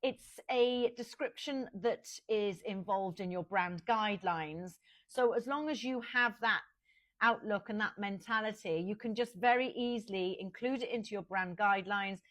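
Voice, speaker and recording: A woman's voice: medium pitch, normal speed, fairly bright tone. A woman talks the listener through brand advice as a fashion business consultant. She speaks in a casual, conversational way, straight to the viewer, and sometimes stops to restart a phrase. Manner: conversational, with small restarts, addressing the viewer directly. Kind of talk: casual advice talk to camera.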